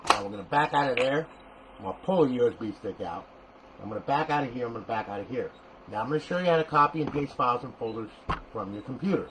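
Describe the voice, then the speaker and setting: Blunt tutorial host, male, a bit high-pitched, cursing and ranting, checks in with the viewer constantly. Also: fairly bright tone, a little hiss or hum, poor audio. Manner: repeats "okay?" and "all right?" as checks. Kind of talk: casual screen tutorial.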